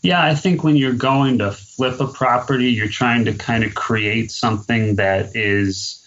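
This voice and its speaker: A man speaking as an interview guest, explaining in a measured way with frequent "kind of" fillers. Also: medium pitch, fairly bright tone, dull audio. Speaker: guest, real estate investor. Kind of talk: interview answers.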